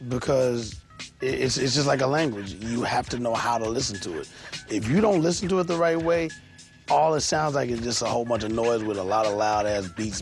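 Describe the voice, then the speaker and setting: A man's voice: mid-range voice, brisk, faint music behind. A man, a hip hop artist, talking casually and enthusiastically in an interview, laughing now and then.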